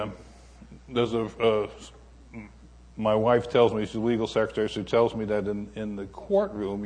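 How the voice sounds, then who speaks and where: An older man serving as a guest preacher delivers his sermon in a folksy, unhurried manner, telling stories with many pauses. His voice is lowish and a little mellow.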